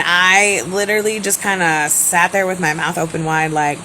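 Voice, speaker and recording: A mother telling a story about her son in a hesitant, quiet way, over a loud air conditioning hum. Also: fairly low pitch, moderate pace, hardly any pauses. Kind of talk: casual storytelling.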